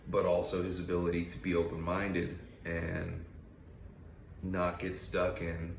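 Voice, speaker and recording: A man's voice: low-pitched, gravelly, echoey room, a little hiss or hum. A man giving a casual, blunt and profane motivational rant on his channel. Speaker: vlogger.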